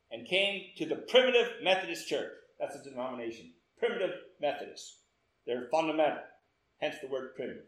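A man preaching a sermon, telling a story in a lively way and quoting with emphatic repetition. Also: high voice, roomy sound, poor audio.

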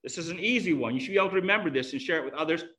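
A man's voice: on the high side, animated, rapid-fire, sharp tone. A man preaching a sermon earnestly, teaching with illustrations.

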